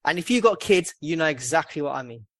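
A man's voice: a little high, expressive, fast talker, a bit bright, dry recording. A man hosting a casual podcast chat, joking, swearing and laughing at his own gags. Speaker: podcast host. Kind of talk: casual banter.

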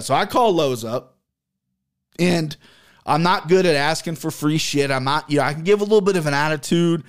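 A man's voice: a little high, normal speed. A man hosting a podcast, telling a long exasperated story in a casual, profane way. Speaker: podcast host.

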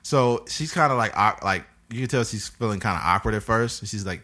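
A man's voice: on the low side, a little fast, pushed and bright. Crude joking man in his thirties. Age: 30s. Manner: crude, joking storyteller, laughs often. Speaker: podcast host. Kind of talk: casual chat.

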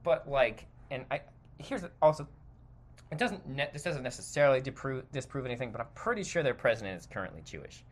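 A man's voice: mid-range voice, lively intonation, fairly quick. A man hosting a podcast, delivering a heated, profane opinion monologue that rambles and interrupts itself. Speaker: podcast host.

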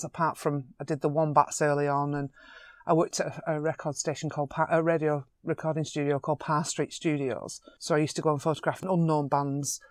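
Excitable woman photographer. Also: low-pitched, no echo, studio quality. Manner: animated, excitable storyteller with quick laughs. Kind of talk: chatty anecdotes in an interview.

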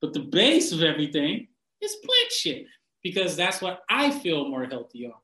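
A man with a bright, fairly high voice rants bluntly about diet and the people who preach it, swearing in every breath. He laughs often and gets animated when he mocks someone. The room around him is echoey. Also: normal speed. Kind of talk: casual profane rant.

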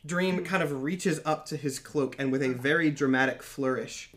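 Male DM, slightly high voice, casual hedging narration, quick to laugh. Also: fairly bright tone. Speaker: dungeon master. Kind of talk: narrating a tabletop game.

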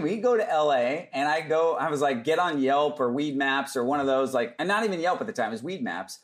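A man's voice: on the high side, animated, fairly quick, few pauses. A man as a podcast guest, telling casual stories and acting out other people's lines as he goes. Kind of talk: casual storytelling interview.

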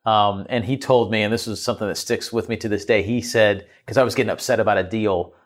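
A man's voice: on the low side, steady tone, fast talker. A man co-hosting a casual business podcast, telling stories in an easygoing way and acting out quotes. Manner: easygoing storyteller, acts out quotes. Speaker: podcast co-host.

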